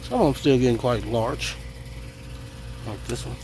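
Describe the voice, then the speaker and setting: A man's voice: medium pitch, lively intonation, moderate pace, darkish tone, a little hiss or hum, poor audio. A man giving an easygoing, thinking-aloud tour of his home garden outdoors, filmed on a handheld phone. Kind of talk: casual garden walk-through. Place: outdoor garden on a hot day.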